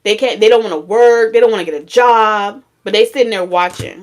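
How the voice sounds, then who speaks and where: A woman's voice: on the high side, animated, normal speed, hardly any pauses. Blunt, profane woman giving a tarot reading. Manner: blunt, profane, scolding street talk with sudden laughs and singing. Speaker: tarot reader.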